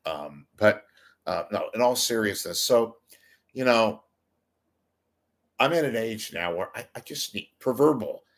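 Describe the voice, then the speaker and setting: A man's voice: fairly low pitch, lively intonation, unhurried, long pauses. An older man hosting a livestream, chatting casually in a rambling, self-mocking way. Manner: rambling, self-deprecating joking. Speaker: livestream host. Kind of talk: casual chat.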